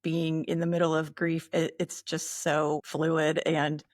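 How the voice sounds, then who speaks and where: A woman co-hosting a podcast in relaxed, supportive casual chat. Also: low voice, unhurried, no room sound, studio quality. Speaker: podcast co-host.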